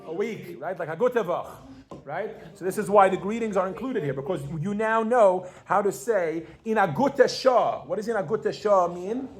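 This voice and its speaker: A pregnant woman leads a classroom lesson in a casual, animated way. She keeps firing questions at her students and talks with easy fillers and restarts. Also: mid-range voice, moderate pace. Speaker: Yiddish teacher.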